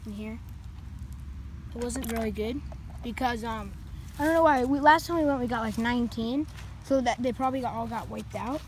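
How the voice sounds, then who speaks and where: High-pitched lady filming a fishing vlog by a lake, gets excited fast, lots of um's, noisy outdoor sound. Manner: excitable, chatty, many fillers. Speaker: fishing vlogger. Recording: outdoor noise behind the voice.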